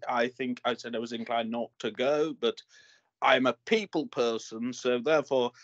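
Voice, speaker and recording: A man's voice: on the high side, a bit bright, dry recording, lo-fi sound. A man giving horse racing tips in casual chat, rambling and digressive, with lots of fillers.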